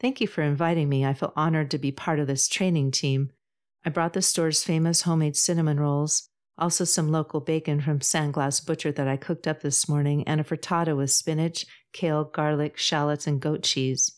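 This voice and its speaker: A woman voicing a gracious, lighthearted woman who speaks a bit quickly and brightly. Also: deep voice, fairly even intonation, natural voice. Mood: grateful.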